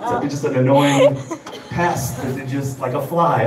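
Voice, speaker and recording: A man from Chicago does stand-up on a live stage, his voice lively and somewhat high. His rambling delivery keeps restarting as he slips into characters. The sound is echoey and distant, with a crowd around him. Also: moderate pace, very noisy. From Chicago, USA. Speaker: stand-up comedian. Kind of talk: stand-up set. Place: live comedy show stage. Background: audience laughter.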